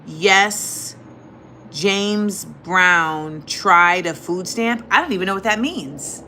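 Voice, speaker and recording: A woman's voice: lowish voice, lively intonation, takes it slowly, bright, forceful tone, slight background noise. A woman hosting a casual livestream, chatting playfully with viewers, reading their comments and laughing as she goes. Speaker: livestream host.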